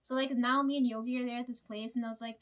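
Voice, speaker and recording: A woman's voice: a little high, little pitch movement, fast talker, a bit bright. A woman in her late twenties telling a rambling, sidetracked story in casual chat, swearing freely as she goes. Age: late 20s. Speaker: vlogger.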